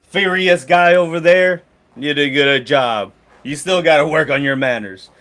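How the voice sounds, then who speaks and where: A man's voice: on the high side, moderate pace, fairly bright tone, natural voice. A man voicing a brash middle-aged mercenary leader who swaggers and talks crude. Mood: boisterous.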